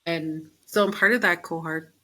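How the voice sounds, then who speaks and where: Middle-aged woman, podcast guest, lowish voice, casual storyteller who acts out quotes, chatty and quick to laugh. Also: poor audio. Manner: animated storytelling, acts out her own quotes; frequent fillers, laughs easily. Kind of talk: casual interview chat.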